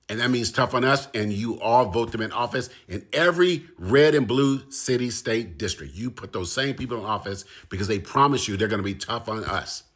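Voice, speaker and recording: A man's voice: mid-range voice, breathy edge. A man speaking straight to his audience in an impassioned monologue, pressing his points with repetition and rising emphasis. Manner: forceful, rising and repeating for emphasis. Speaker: commentator. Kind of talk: impassioned direct-to-camera monologue.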